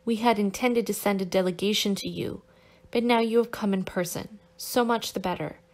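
A calm, confident young man speaks with quiet resolve and a teasing edge, as a woman voices him in an audiobook. His delivery stays level and assured rather than loud. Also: mid-range voice, moderate pace, lightly acted. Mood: calm, resolute. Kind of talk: audiobook character reading.

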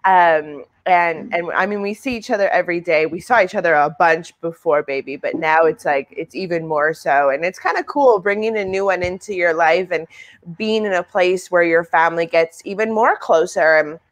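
A young woman from Canada, a guest author and new mother, chatting in an interview and telling lively stories with laughter. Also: fairly low pitch, moderate pace. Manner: chatty, laughing, storytelling with voiced quotes. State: new mother, sleep deprived. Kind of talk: casual interview chat.

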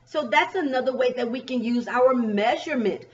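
A woman teacher giving a remote pre-K lesson, drawing out words and asking young children gentle questions. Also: high-pitched. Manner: slow, drawn-out, coaxing questions to young children. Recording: dull, distant recording.

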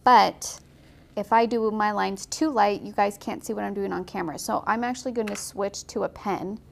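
A young woman giving a casual, chatty watercolor painting tutorial, encouraging and quick to laugh. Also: mid-range voice, fairly even intonation, creaky, a little hiss or hum. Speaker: watercolor instructor.

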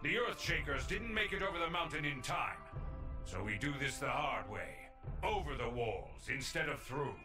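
A man's voice: a little high, very animated, moderate pace, music in the background. An actor playing a grim, blunt male war general giving stern orders. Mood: grim commanding. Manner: grave, commanding.

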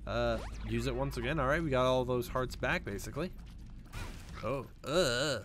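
A man giving jokey, animated gameplay commentary as a YouTuber, talking back at the game, with faint game music behind him. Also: medium pitch, moderate pace, noisy background. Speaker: gaming YouTuber.

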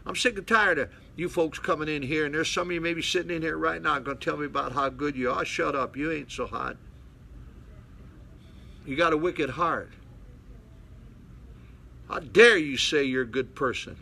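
A man's voice: mid-range voice, normal speed, gravelly, pushed and bright, slight background noise. An older man, a pastor, preaching bluntly to a small mission congregation and calling out to his listeners. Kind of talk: folksy preaching Bible study.

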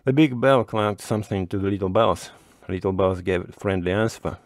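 Male storybook narrator, low, measured and unhurried, dry close sound. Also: no echo.

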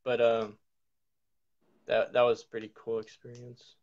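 A man's voice: mid-range voice, completely flat delivery, unhurried, darkish tone, dull audio. A man, a course student, talking earnestly and hesitantly with fillers in a casual chat.

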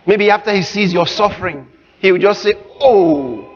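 A male pastor preaching a sermon, emphatic and often shouting, acting out the voices of the people he quotes. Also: high-pitched, fairly even intonation, brisk. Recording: muffled live recording with crowd and noise.

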